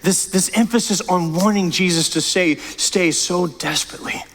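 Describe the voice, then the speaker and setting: A man's voice: high-pitched, normal speed, long reverb tail. A man preaching as pastor, impassioned and emphatic, often repeating and restarting words. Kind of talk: sermon. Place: church sanctuary.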